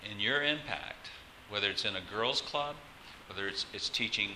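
A man preaches in a conversational way, turning to ask the congregation questions. His fairly low voice has a sharp, forceful edge, with faint noise in the background. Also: moderate pace, poor audio. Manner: conversational, asks the congregation questions, frequent restarts. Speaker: pastor. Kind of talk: sermon.

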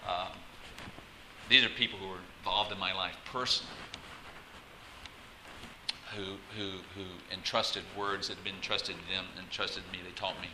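A man's voice: low voice, fairly even intonation, moderate pace, long pauses, background noise. A pastor preaching a conversational sermon, often asking the congregation questions and restarting his phrases.

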